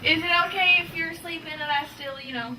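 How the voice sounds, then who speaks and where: A woman's voice: high-pitched, a little fast, echoey room, recorded from a distance, very noisy. A woman coaxing and squabbling in a comedy sketch.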